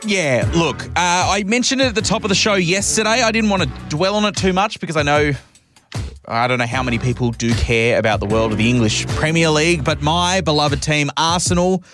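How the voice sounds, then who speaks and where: Animated radio host, chatty. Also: male voice, on the high side, a little fast, over music. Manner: chatty, self-mocking, playfully indignant. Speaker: radio drive-time host. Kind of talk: casual radio chat.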